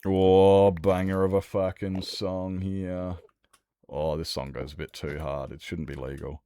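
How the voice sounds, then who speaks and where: Young male streamer, deep voice, dry sound, loose candid sweary chat. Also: level tone, unhurried, warm tone, clear, resonant tone, dry recording. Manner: rambling, swears freely, candid. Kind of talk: casual livestream chat.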